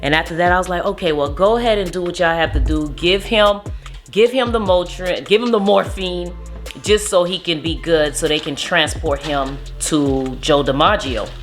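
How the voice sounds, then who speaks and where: A young woman recounts a family story with a lower-pitched voice. She talks casually and animatedly, slipping into the voices of the people she quotes. Soft music plays underneath. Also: normal speed. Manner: animated retelling, acts out quotes. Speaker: vlogger, mother.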